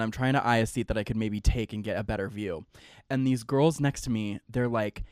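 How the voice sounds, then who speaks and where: A man's voice: lowish voice, a little fast, darkish tone, clear, resonant tone, no echo, studio quality. A young man hosting his own podcast, telling a long story in a chatty, casual way, full of "like" and playful slang. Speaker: podcast host.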